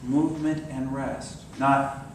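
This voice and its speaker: A man's voice: medium pitch, flat delivery, slow pace, slight background noise. Older man preaching in an echoey hall. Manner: storytelling, dropping to soft meditative tones. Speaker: minister. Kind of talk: sermon. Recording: very echoey hall, mic far off.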